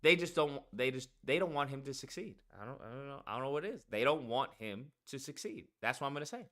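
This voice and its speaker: Animated ranting man, sharp lively voice. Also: medium pitch, fast. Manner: animated, profane, repeats himself for emphasis. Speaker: streamer reading chat comments. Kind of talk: heated casual rant.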